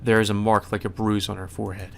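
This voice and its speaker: A man's voice: fairly low pitch, level tone, fast talker, vocal fry, slight background noise. A man hosting a let's play, reading a visual novel's narration aloud and breaking in with casual swearing asides.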